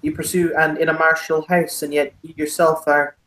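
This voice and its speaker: A man's voice: a little high, level tone, moderate pace, bright, forceful tone, echoey room, voice pushed up, low-quality recording. A man voicing a haughty noble male fairy baron, speaking pompously and courtly in an Irish accent.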